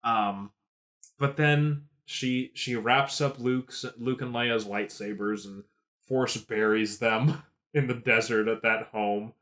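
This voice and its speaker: A tipsy man co-hosting a podcast, giving a sarcastic, swear-filled film review and mocking the characters in quick put-on voices. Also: medium pitch, fairly even intonation, fairly bright tone. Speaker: podcast co-host. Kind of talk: casual film review chat.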